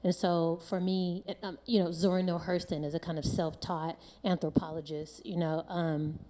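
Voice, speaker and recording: A woman's voice: lowish voice, flat delivery, normal speed, dark tone, slight background noise. A woman scholar speaking on a panel, earnest, building her points in lists and tagging lines with a questioning "right". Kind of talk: panel discussion. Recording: long hall reverb.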